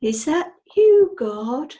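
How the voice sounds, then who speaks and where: A woman's voice: high voice, very animated, drawn-out words, warm tone, dull audio, voice pushed up, exaggerated voice. A woman doing Paddington, a polite young bear. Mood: polite wonder. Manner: courteous, wondering.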